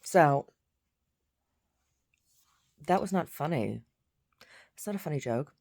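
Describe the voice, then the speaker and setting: Low-voiced woman in a profane rant. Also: lively intonation, takes it slowly, gravelly, a little mellow. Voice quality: blunt, profane, agitated. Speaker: vlogger. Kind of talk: casual vlog rant.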